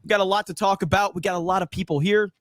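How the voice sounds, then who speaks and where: High-voiced joking male stream host. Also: fairly even intonation, racing, a bit bright, dry recording, studio quality. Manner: joking, rambling with restarts. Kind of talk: casual live stream chat.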